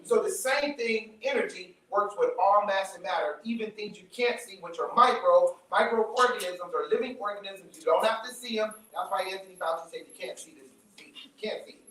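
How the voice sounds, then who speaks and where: A man's voice: sits high, moderate pace, hardly any pauses, fairly bright tone, slight background noise. A man giving a live lecture to a room audience, emphatic, repeating his points and checking in with the listeners. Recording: very echoey room, mic from far off.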